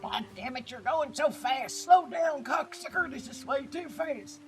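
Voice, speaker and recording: A woman voicing a cranky, foul-mouthed old man who scolds and yells. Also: high voice, expressive, measured pace, music in the background, pitched above the performer's own voice. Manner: yelling, scolding.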